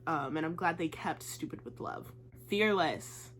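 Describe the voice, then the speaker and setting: A woman's voice: sits low, moderate pace, faint music behind. A young woman gushing about a musical in a casual vlog, chatty and full of "like". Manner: chatty and gushing, says "like" a lot. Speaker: vlogger.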